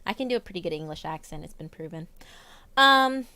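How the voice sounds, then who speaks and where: A woman's voice: lowish voice, fairly quick. A young woman with a light Southern US accent hosting a live stream, chatting animatedly with guests. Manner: chatty, animated fan talk. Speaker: stream host. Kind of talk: casual live-stream chat.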